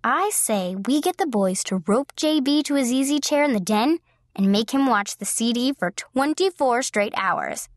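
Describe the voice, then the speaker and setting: A woman's voice: on the high side, animated, moderate pace, no echo, studio quality, pitched above the performer's own voice, lightly acted. A woman reading the lines of a sweet-natured, teasing widowed mother in middle age. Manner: gentle, teasing.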